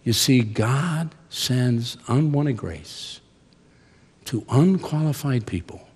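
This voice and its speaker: An older man preaching a chapel sermon, slow and deliberate, with a lively pitch that drops to a near whisper and then rises loud. His voice rings with the long reverb of a large hall. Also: slightly rough. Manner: dramatic shifts from hushed to loud. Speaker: seminary professor.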